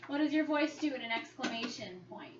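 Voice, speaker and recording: A woman's voice: fairly high pitch, lively intonation, a little fast. A woman teacher leading a small-group reading lesson, patiently asking questions and coaxing the children to answer. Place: classroom. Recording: echoey, distant, dull, noisy classroom recording.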